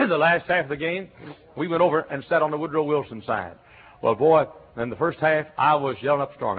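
Older male Texan Baptist preacher; folksy anecdotes, sudden loud shouts; thin phone-like audio. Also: medium pitch, quick pace, slightly rough. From Texas. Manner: folksy storytelling, bursts into loud cheers and shouts. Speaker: Baptist pastor. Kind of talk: sermon. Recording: tinny lo-fi sermon recording with faint hiss.

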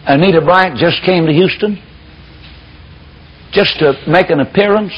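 A man's voice: sits high, measured pace, long pauses, slightly rough. A man preaching a sermon, telling the story in a folksy, fiery way. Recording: dull lo-fi recording.

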